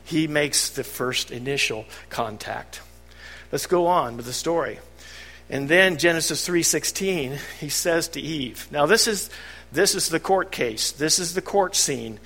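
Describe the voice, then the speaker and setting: Mężczyzna wygłaszający kazanie w pogłosie sali. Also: male voice, a little high, unhurried, a bit bright, faint music behind. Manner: conversational, chuckling asides. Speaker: preacher. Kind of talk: sermon. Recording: long hall reverb.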